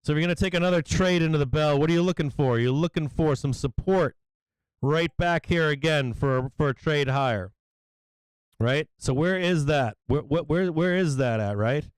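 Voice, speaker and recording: A man hosting a live stock-market stream, swearing freely and explaining chart levels, with bursts of excited yelling. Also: a little high, normal speed, clear, resonant tone, dry recording, low-quality recording. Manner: profane, excitable, yelling at times. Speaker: stock market livestream host. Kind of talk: live trading commentary.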